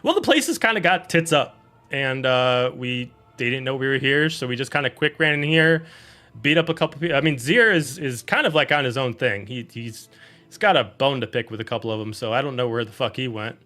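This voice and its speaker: A brash woman druid who swears freely and rambles through her explanations, as a man plays her. The voice is bright and forceful, with faint music behind it. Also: medium pitch, lively intonation, fairly quick. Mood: brusque. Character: brash casual woman druid, bird owner.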